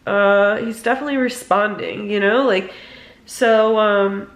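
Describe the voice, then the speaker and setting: A woman's voice: medium pitch, fairly even intonation, a little slow, echoey room. A young woman talking in a rambling, emotional way, filling her speech with "like" and "um", in a personal vlog. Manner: emotional, rambling, many fillers. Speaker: vlogger.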